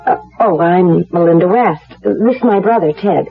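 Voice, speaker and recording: A woman's voice: on the low side, normal speed, faint music behind, natural voice. An actress playing a frank, cheerful young woman on crutches, in a 1970s radio drama. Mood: chatty. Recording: dull, muffled old radio broadcast.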